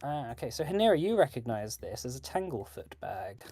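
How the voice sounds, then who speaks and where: A man's voice: medium pitch, a little fast, no echo, faint music behind. Laid-back man narrating as game master. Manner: relaxed, hesitant, many fillers.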